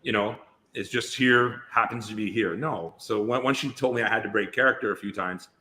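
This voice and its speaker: Talking a little fast, this man has a lowish, bright voice with a forceful tone. He's an actor guesting on a podcast, chatting casually and telling long, rambling stories that he keeps restarting.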